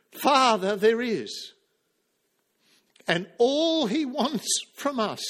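A man preaching a sermon with passion, acting out the quoted speakers' lines and dropping to a hush for emphasis. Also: sits high. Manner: impassioned, acts out quoted lines.

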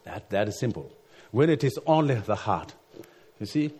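Halting preacher man, frequent restarts. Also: fairly low pitch, very animated, darkish tone, husky. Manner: halting, repeats words, frequent "you see". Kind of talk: sermon with personal story.

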